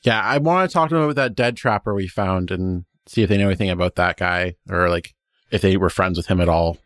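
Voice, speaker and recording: A man's voice: low voice, a bit bright, no room sound. Rambling man at a tabletop game, dry sound. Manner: rambling, halting, many restarts. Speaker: player. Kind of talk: casual tabletop role-play.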